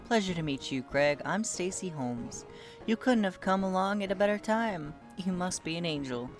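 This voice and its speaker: A streamer reading the lines of a frightened young mother from a game, in a soft, worried way. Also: medium pitch, expressive, moderate pace, faint music behind, lightly acted. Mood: grateful. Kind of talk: reading game dialogue aloud.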